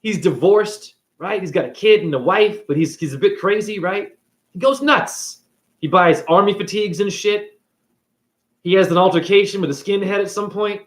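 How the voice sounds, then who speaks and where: A man ranting casually on camera, retelling a movie with profanity and acting out its characters in quick bursts. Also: high-pitched. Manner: profane, animated, acts out characters. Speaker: spiritual video creator.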